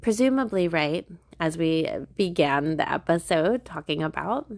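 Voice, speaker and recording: Chatty young woman podcaster, lowish voice. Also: unhurried, creaky. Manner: chatty, filler-heavy, swearing, laughing often. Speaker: podcast host. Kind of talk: casual self-help podcast monologue.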